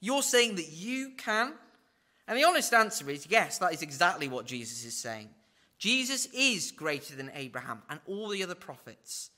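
A man giving verse-by-verse Bible teaching, acting out quoted lines with big swings in pitch and dropping in wry asides. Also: very animated, normal speed, bright, forceful tone.

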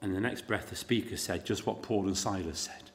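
A middle-aged man preaching a sermon, telling the story dramatically, with rhetorical questions to the congregation and shifts between loud emphasis and quiet intensity. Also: sits low, brisk.

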